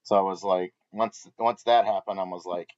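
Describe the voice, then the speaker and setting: A man's voice: deep voice, steady tone, normal speed, darkish tone, muffled recording, a little hiss or hum. A man co-hosting a live Bible study, telling a rambling personal story with lots of restarts in casual chat.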